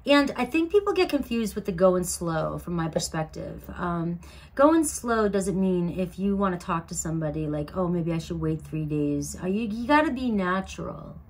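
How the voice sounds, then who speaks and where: A young woman talks her viewers through a tarot reading in a loose, chatty way, often opening with a quick "all right." Her voice sits at a middling pitch for a woman. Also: very animated. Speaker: tarot reader. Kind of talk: casual tarot reading to camera.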